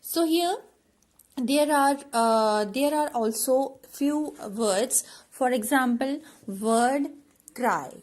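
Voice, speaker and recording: A woman teaches a classroom lesson at an unhurried pace. Her voice sits a little high, and she repeats words and fills pauses with "uh" as she explains. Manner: slow, repetitive explaining with many fillers.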